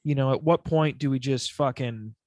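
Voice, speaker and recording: A man's voice: mid-range voice, moderate pace, a little mellow, no echo, clean studio sound. A man co-hosting a podcast, chatting casually with lots of restarts and swearing. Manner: rambling, profane, many restarts. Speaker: podcast co-host. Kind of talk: casual chat.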